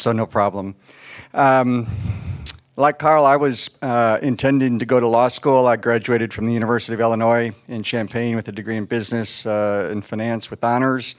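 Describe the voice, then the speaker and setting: A man in his sixties, from Chicago, speaks on a panel with a somewhat low voice. He talks in a halting way, with many restarts and fillers as he tells his story. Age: 60s.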